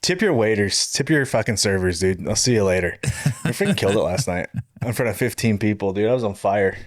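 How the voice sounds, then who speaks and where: Speaking briskly in a fairly low voice, a man co-hosting a podcast tells an amusing story about a night out during a casual chat. He animates it by performing the quotes and laughing along the way, captured in a dry, studio-quality recording.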